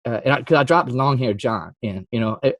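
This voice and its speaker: A man who is a Christian music artist, telling a story in a casual interview. He acts out quotes with sudden jumps in pitch and laughs often. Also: brisk, dull audio.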